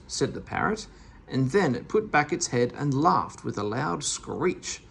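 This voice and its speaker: Storybook narrator: expressive, gravelly reader with a very lively pitch. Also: a little slow. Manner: expressive, animated. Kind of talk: storybook read-aloud.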